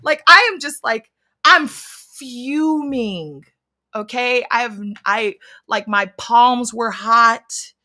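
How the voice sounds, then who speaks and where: A woman in her thirties on a casual stream, telling a personal story with loud, expressive outbursts and plenty of swearing. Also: a little high, extremely slow. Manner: expressive, swears freely, acts out scenes with sudden loud outbursts. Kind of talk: casual chat, animated storytelling.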